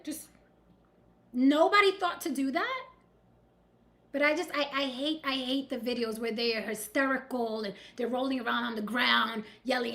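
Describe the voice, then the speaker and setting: A woman hosting a casual news commentary stream, blunt and animated, often speaking straight to her audience. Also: high-pitched, normal speed, vocal fry. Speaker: host.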